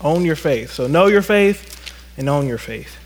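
A male pastor preaching a sermon to a congregation, animated and acting out stories in quoted voices. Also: fairly high pitch, measured pace, a little hiss or hum. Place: church sanctuary. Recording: long reverb of a church hall.

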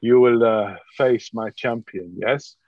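A man's voice: mid-range voice, slow pace, no echo, narrow, tinny audio, pitched below the performer's own voice. A man voicing a boastful nobleman with a put-on French accent. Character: pompous French-accented male duke.

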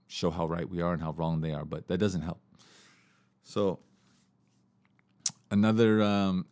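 A man hosting a podcast, teaching communication skills in a relaxed, casual way, with fillers and restarts. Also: low-pitched, no echo. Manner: relaxed, repeats himself, many fillers and restarts.

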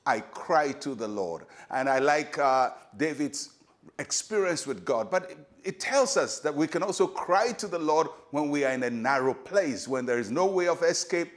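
A male pastor with a Ghanaian English accent delivers a short devotional sermon. His voice sits slightly high, and he preaches in an earnest, measured way, asking his listeners rhetorical questions. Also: expressive.

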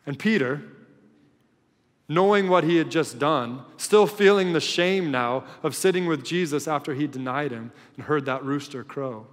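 A male pastor preaching a sermon in a storytelling way, swinging between loud and hushed. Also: a little high, moderate pace, big-room sound.

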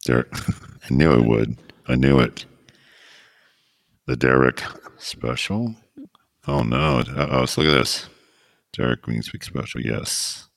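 A man's voice: very deep voice, slow pace, creaky, pauses often, no echo, clean studio sound. A man hosting a podcast in a casual chat, rambling and joking as he gets sidetracked. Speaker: podcast host.

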